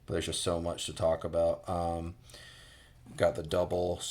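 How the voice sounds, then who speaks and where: A man's voice: deep voice, monotone, measured pace, a little mellow. An American man giving a casual boot review, rambling with many fillers and restarts.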